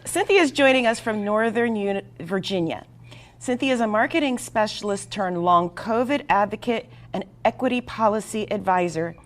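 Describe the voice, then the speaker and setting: A woman's voice: mid-range voice, normal speed. A woman hosting a talk show, reading a guest introduction in an earnest, emphatic way with small stumbles over words.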